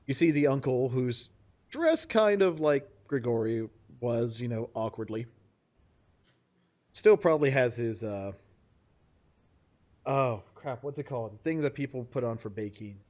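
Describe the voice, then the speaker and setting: A man's voice: medium pitch, lively intonation, a little mellow. Laid-back man running a tabletop game. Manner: halting, many fillers, laughs often. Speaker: game master. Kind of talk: narrating a tabletop game over voice chat.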